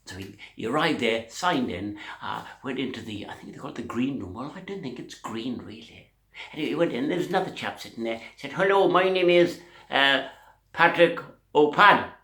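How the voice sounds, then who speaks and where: A man's voice: medium pitch, animated, quick pace, fairly bright tone, roomy sound. A man telling a long rambling joke to camera, slipping in and out of put-on character voices. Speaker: comedian.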